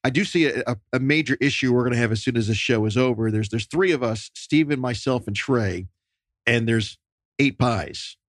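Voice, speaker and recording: A man's voice: medium pitch, normal speed, no echo, studio quality. A man hosting a radio interview, easygoing and joking as he introduces a guest. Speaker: radio host.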